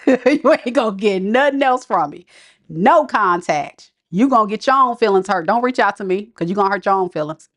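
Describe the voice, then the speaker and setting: Sassy tarot lady on a live stream, kinda high voice, laughs a lot. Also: normal speed. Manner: sassy, animated, laughing often, slangy. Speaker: tarot reader.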